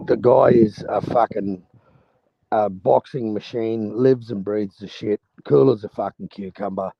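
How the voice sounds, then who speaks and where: A man calling into a live stream, excited, blunt and swearing freely. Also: on the low side, measured pace, creaky, breathy edge, dry recording, highs cut off. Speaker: guest caller. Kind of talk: casual chat.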